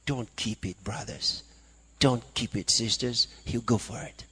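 A man's voice: medium pitch, measured pace, fairly bright tone, slightly rough. A man preaching a fervent sermon, breaking into praise between his points. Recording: long reverb of a hall.

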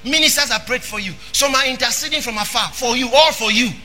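A man preaching a sermon. He is emphatic, repeats phrases, and breaks into shouting. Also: very high-pitched, quick pace, soft background music.

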